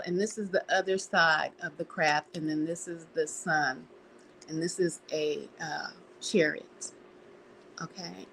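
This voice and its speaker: A woman's voice: sits low, gravelly, fairly bright tone, a little hiss or hum, rough recording. A woman hosting a live stream, talking earnestly over photos, repeating words and checking in with "okay?" often. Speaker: channel host.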